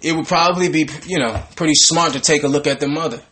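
A man leading a Bible study, commenting on scripture in a casual, animated preaching manner. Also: on the high side, fast talker, slight background noise. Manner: animated, conversational, breaks into laughter and mock voices.

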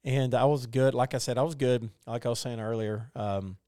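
Middle-aged man, mid-pitched, rambling podcast co-host with lots of fillers. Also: fairly even intonation, moderate pace, dark tone, no room sound, clean studio sound. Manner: rambling, many fillers and restarts. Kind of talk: casual conversational storytelling.

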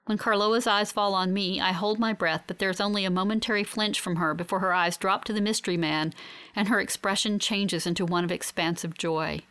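A woman reads a first-person story aloud in an audiobook. Her delivery is measured and even, at a middle pitch for a woman. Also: clear, resonant tone. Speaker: audiobook narrator.

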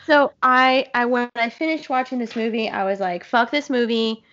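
A woman talks through a film in a casual, blunt way, cursing freely and gushing with enthusiasm. Her voice sits a little high, and the recording sounds dull and lo-fi. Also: moderate pace, fairly bright tone. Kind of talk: casual movie discussion.

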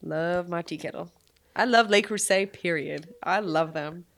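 A woman's voice: fairly low pitch, a little slow, gravelly. A young woman co-hosting a podcast, chatting casually, laughing often and swearing freely. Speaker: podcast co-host. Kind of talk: casual chat.

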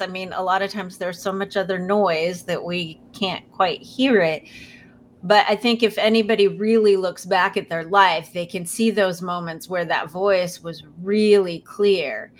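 A woman hosting an interview, affirming what her guest says and then asking a reflective question. Her pitch sits in the ordinary middle range. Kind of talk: conversational interview.

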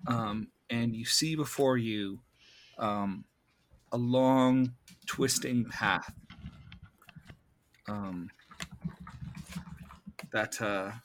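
A man running a tabletop game as game master, narrating slowly with many pauses and ums. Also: mid-range voice. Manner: slow, halting, with many ums.

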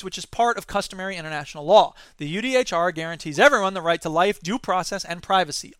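A man's voice: sits high, a bit bright, clean tone, dry recording. A man hosting a satirical news commentary show, reading stories aloud and ranting with sarcasm. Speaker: podcast host.

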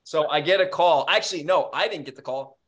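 A man co-hosting a podcast, telling stories in casual chat with animated, profane energy. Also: a little high, a little fast. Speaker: podcast co-host.

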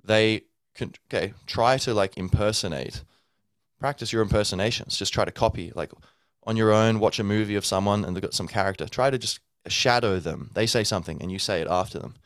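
A man's voice: lowish voice, brisk, dry recording, studio quality. A man hosting a podcast, speaking in a loose, rambling monologue full of fillers and sounding tired from little sleep. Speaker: podcast host.

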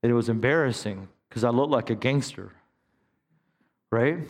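A pastor in his fifties preaches a sermon in a church sanctuary, speaking conversationally with stammered restarts. His voice is medium in pitch at a normal speed, trailed by a long reverb tail.

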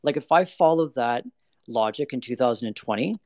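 A man's voice: mid-range voice, animated, a little fast, a little mellow, no room sound. A man being interviewed about energy investing, talking bluntly and candidly, with lots of "like" and "you know.". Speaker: energy investment manager guest.

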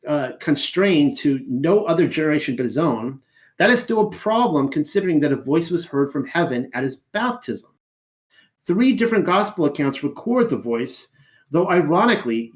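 A man's voice: fairly high pitch, lively intonation. Wry man giving scripture commentary. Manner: wry, dryly humorous asides; measured reading voice, slows for quoted scripture. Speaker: teacher reading and commenting on scripture.

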